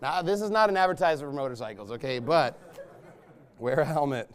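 A man, a pastor, delivering a sermon in a blunt, emphatic and scornful way, with loud bursts. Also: on the high side, brisk.

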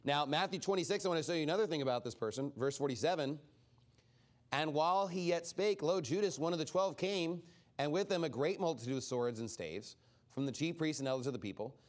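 A man's voice: on the high side, fairly quick. A man teaching an informal Bible study sermon in a casual way, acting out the people he quotes. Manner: animated, acts out quoted speakers; casual, many "like" fillers.

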